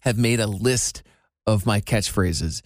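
A man from Iowa co-hosting a podcast, telling stories in an animated, casual way. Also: fairly low pitch, slow pace, no echo, clean studio sound. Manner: animated, storytelling. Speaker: podcast co-host. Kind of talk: casual chat.

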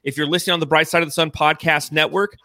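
Man, podcast co-host, playful hype, slightly high voice, bright tone. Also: level tone, rapid-fire, dry recording. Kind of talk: casual podcast chat.

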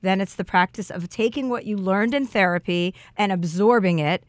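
A woman's voice: medium pitch, normal speed, no echo, clean studio sound. A woman on a podcast, sharing an earnest and heartfelt personal story in casual chat.

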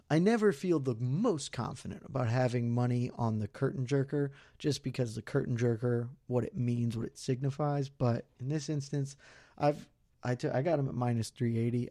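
Mellow-voiced man on a betting podcast. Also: medium pitch, no echo, studio quality. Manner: loose, rambling, self-deprecating. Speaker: podcast co-host. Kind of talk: casual betting podcast chat.

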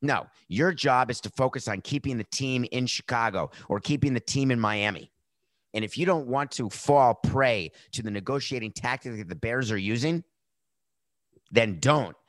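A man's voice: medium pitch, moderate pace, fairly bright tone, no room sound. A middle-aged man hosts a podcast, scoffing and blunt as he picks apart statements. His voice sits in a middle register and is recorded dry and close, with no room sound. He talks in a mocking, opinionated way. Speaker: podcast host. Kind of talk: opinionated commentary.

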